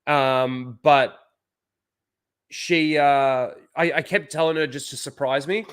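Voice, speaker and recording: Young Australian host, casual profane storyteller, loose and rambling delivery. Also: male voice, medium pitch, fairly even intonation, takes it slowly, fairly bright tone, smooth. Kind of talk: casual chat.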